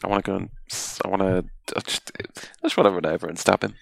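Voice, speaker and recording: Gravelly low-voiced man at a game table. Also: steady tone, fast talker, dry recording. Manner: hesitant, stumbling restarts. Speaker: player. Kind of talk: casual tabletop game chat.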